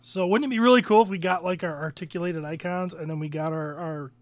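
Casual podcast co-host: a high-voiced man, rambling and hesitant, dry recording. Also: fast talker, dry recording. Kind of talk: casual chat.

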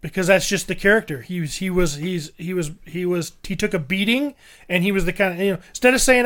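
A man's voice: high voice, a little fast, a bit bright. A man co-hosting a casual movie review chat, rambling and repeating words as he searches for his point. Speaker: podcast co-host.

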